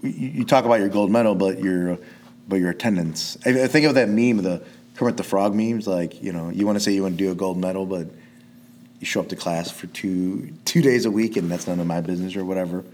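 A man's voice: low-pitched, a little fast, a little mellow. A man who coaches jiu-jitsu, chatting casually on a podcast, rambling and swearing, restarting his sentences often.

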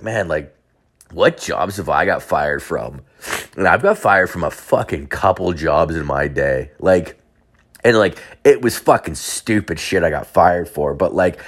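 Man, very deep voice, casual crude storytelling, rambling, heavy swearing. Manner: crude, rambling, constant filler words and swearing.

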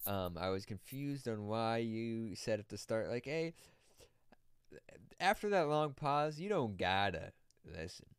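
A man's voice: fairly low pitch, lively intonation, measured pace, clean tone, no room sound, clean studio sound. A man co-hosting a podcast in casual chat, upbeat, sometimes singing bits of lyrics. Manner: upbeat, sings snatches of lyrics. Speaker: podcast co-host.

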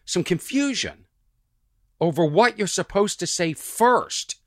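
Guy doing a solo comedy podcast, high bright voice that swoops all over, dry close sound, sarcastic and sleepy-wired. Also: slow pace, dry recording. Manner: animated, sarcastic, mock-exasperated. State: sleepy but energized early morning. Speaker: podcast host. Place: at home early morning, birds outside.

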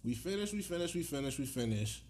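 Animated man telling a story with acted voices. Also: fairly high pitch, fast talker, a little hiss or hum. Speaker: podcast co-host telling a story. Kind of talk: casual storytelling chat.

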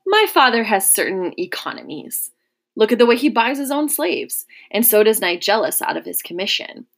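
A woman reading the part of a charming, scheming young Roman nobleman, smooth and mocking with a quiet menace. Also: mid-range voice, very animated, normal speed. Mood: coaxing. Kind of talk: audiobook character reading.

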